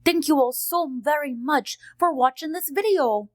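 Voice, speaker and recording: A cheerful friendly dog host, played by a woman, chatting sweetly and teaching kids as she unboxes. Her voice is high and close, with a dry sound that has no room around it. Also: moderate pace, no echo, lightly acted. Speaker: host of a kids' unboxing video. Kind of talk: kids' educational unboxing narration.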